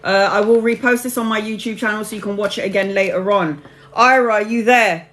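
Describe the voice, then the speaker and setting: A woman's voice: mid-range voice, steady tone, fairly quick, a bit bright, slight background noise. A woman hosting a live tarot reading, chatting casually with viewers and calling them honey and babes.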